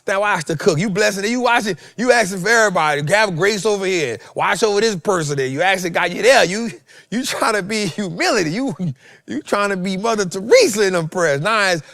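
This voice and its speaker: Animated, preachy man with a dry, close sound. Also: high voice, brisk, no room sound. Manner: animated, swings loud and soft, repeats phrases. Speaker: host. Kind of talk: preachy motivational talk.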